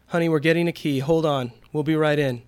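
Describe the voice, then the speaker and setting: A man's voice: fairly high pitch, steady tone, a little fast, no echo, lightly acted. A man voicing an anxious female office secretary, urgent and pleading, in a read-aloud story.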